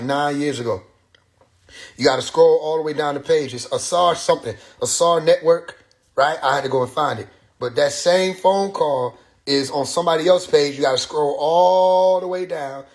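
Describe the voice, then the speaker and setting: This livestream host talks casually into his phone mic, rambling loosely, swearing freely, and slipping into quoting others. His voice is a little high.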